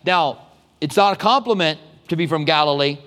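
Pastor preaching in an echoing hall. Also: male voice, a little high. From United States. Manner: conversational, animated storytelling with quick asides. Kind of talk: sermon. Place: church sanctuary. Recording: long hall reverb.

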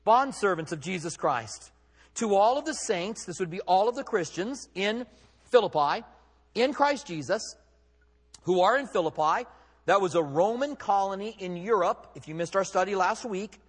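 A man's voice: high voice, a bit bright, big-room sound. A man preaching a sermon as pastor, conversational and emphatic, with rhetorical questions.

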